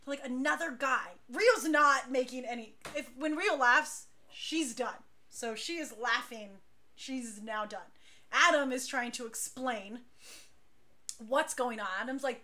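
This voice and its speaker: High bright-voiced woman telling stories. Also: a little slow. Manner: animated, chatty, laughs between lines. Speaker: dance crew leader telling stories. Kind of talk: casual storytelling on a talk show.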